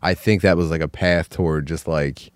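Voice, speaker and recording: A man's voice: very deep voice, fairly even intonation, normal speed, smooth, no echo. A man co-hosting a podcast in casual chat, rambling and full of filler words and restarts. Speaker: podcast co-host.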